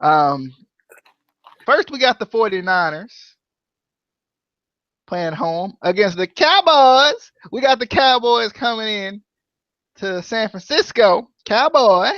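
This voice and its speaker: Podcast co-host, male, high voice, jokey and animated, muffled dry recording. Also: slow pace, long pauses, no room sound. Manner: playful, jokey, sing-song chants. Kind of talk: casual chat, football picks.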